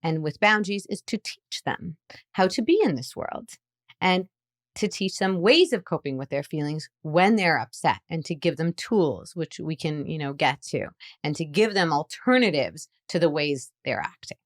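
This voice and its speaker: Animated woman with a lowish voice. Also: moderate pace, no room sound, studio quality. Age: adult parent. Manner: animated explainer who acts out playful lines. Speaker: psychologist guest. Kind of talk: podcast interview, explaining parenting.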